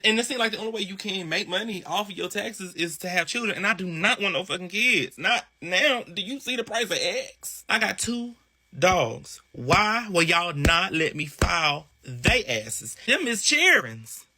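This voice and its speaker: A man's voice: high-pitched, expressive, moderate pace, pushed and bright. A man in a ranting social media clip, exasperated and profane, stammering and repeating himself.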